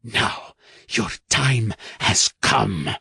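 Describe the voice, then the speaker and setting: A man voicing a cold, commanding female cult leader who speaks in a hushed, menacing tone. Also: fairly low pitch, lively intonation, very slow, creaky, slightly rough, no echo, heavily acted.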